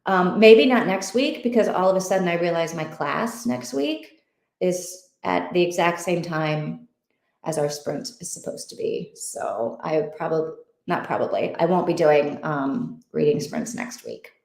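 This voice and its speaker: A woman's voice: on the low side, sing-song, a little slow, vocal fry, darkish tone, roomy sound. A woman hosting an online reading group, chatting casually and thinking aloud with many fillers. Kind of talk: casual livestream chat.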